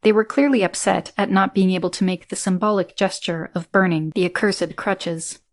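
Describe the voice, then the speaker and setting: Brief: female audiobook narrator, low voice, measured steady read.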